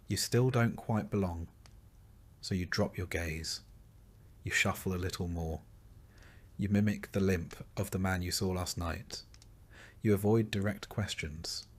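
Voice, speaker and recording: A man narrating a sleep story in a slow, soft and calm voice. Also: low voice.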